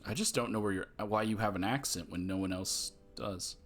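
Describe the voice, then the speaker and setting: A man's voice: fairly low pitch, moderate pace, fairly bright tone, faint music behind. A man casually commenting as he plays a game, reading dialogue choices aloud in an amused, chatty way. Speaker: gamer playing and commenting.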